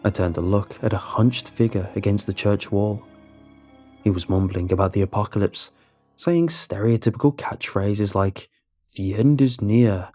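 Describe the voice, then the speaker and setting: Low, husky male horror narrator. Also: faint music behind. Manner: measured, steady storytelling. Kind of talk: first-person horror story narration.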